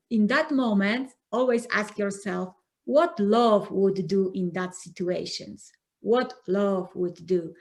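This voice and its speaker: Woman guest on an interview show, earnest coach vibe, medium pitch, acts out little arguments. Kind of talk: conversational interview.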